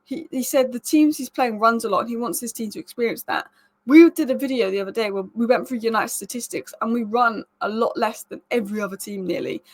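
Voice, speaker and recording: A woman's voice: on the high side, brisk, darkish tone. A young woman hosting a football news show, talking casually and with strong opinions. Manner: chatty, emphatic, opinionated. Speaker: football news channel host.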